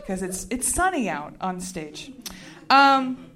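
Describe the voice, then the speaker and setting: A woman's voice: medium pitch, expressive, slow pace, fairly bright tone. A woman comedian on stage, telling a rambling, chatty story and laughing as she goes. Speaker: stand-up comedian. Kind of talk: stand-up storytelling. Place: stage before a live audience.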